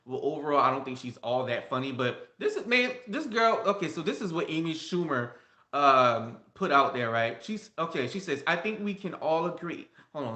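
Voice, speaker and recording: A man's voice: a little high, pushed and bright, reverberant. A man chatting through celebrity gossip with strong opinions, repeating words and talking straight to his viewers. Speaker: gossip vlogger. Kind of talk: casual gossip commentary.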